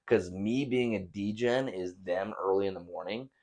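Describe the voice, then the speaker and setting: A young man hosts a podcast in a loose, rambling monologue. His voice sits on the low side. He swears casually and leans on fillers as he talks. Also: moderate pace, darkish tone. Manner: laid-back, profane, rambling with many fillers. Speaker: podcast host.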